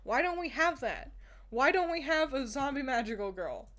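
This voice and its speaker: A woman's voice: high voice, very animated, moderate pace, fairly bright tone. A young woman streamer chatting casually with her viewers, laughing often as she ranks characters. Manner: giggly, laughs often, talks to chat. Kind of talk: casual chat.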